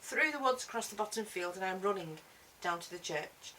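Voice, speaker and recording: Bright-voiced woman telling a story. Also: mid-range voice, fairly quick. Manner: expressive, shifts between hushed and loud. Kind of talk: spoken word storytelling. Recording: distant mic with faint hiss.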